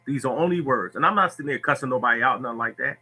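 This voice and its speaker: A man's voice: mid-range voice, racing, sharp tone, husky, poor audio. A man hosting a lottery tips livestream who speaks bluntly and preachily, repeating himself as he answers viewers.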